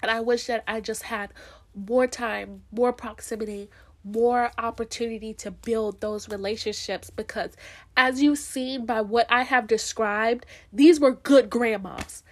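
A young woman from Florida talking straight to camera in a casual, heartfelt monologue, earnest and emphatic, repeating her points and laughing easily. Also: sits high. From Florida, USA. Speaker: vlogger.

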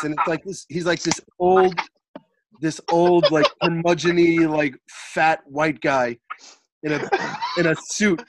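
A man's voice: fairly high pitch, steady tone, slow pace, a little hiss or hum. Rambling man recounting a film. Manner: rambling retelling with many fillers. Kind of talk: casual chat.

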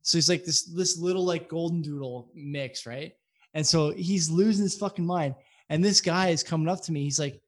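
A man spins a long, rambling anecdote for his friends on a casual podcast, swearing often and piling up asides. His voice sits a little on the high side for a man. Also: normal speed. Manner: rambling, profane, animated retelling. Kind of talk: casual storytelling among friends.

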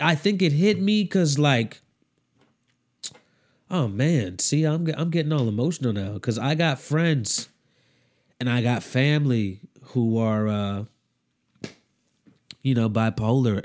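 A man's voice: medium pitch, darkish tone. A man talking casually about a TV show, rambling and repeating himself, with heavy slang and growing emotion. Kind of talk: casual chat.

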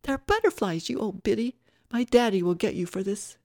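A woman narrator voicing a brash, spoiled young woman who yells insults at an old lady. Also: moderate pace, no room sound, studio quality, natural voice. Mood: shrill yelling. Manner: shrill, yelling and insulting.

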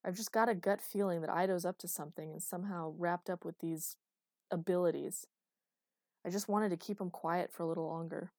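A man's voice: sits high, steady tone, a little fast, a little mellow, no echo. A woman reading the lines of an agitated male official in an audiobook, in a dry recording. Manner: agitated, exasperated. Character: tense, irritated male government official.

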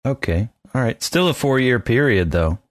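A man's voice: mid-range voice, animated, moderate pace, no echo. A man on a casual podcast, teasing his co-host with dry humor while asking questions.

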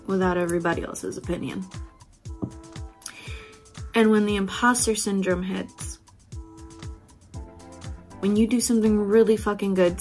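A woman's voice: mid-range voice, a bit bright. A woman hosting a casual self-help podcast, swearing freely, laughing often and acting out her own inner voice. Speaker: podcast host.

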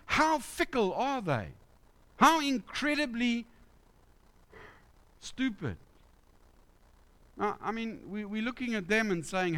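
A man's voice: high voice, a bit bright. A man preaching a conversational sermon in church, asking the congregation questions. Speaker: pastor.

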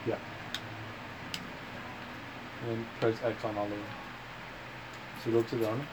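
A man's voice: mid-range voice, little pitch movement, measured pace, noisy background. A man casually telling long, profane anecdotes to friends, full of slang and acted-out quotes. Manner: profane, rambling anecdotes with slang like bro and dude; acts out quoted lines with voice changes. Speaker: storyteller among friends. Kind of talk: casual chat.

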